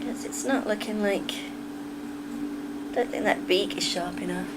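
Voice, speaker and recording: A woman's voice: mid-range voice, measured pace, heavy background noise. A woman live streaming in a casual, chatty way, reading out her chat and often breaking into giggles.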